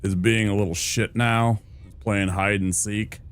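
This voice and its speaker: A man's voice: lowish voice, steady tone, unhurried. A male streamer giving casual gameplay commentary, rambling, laid-back and sweary.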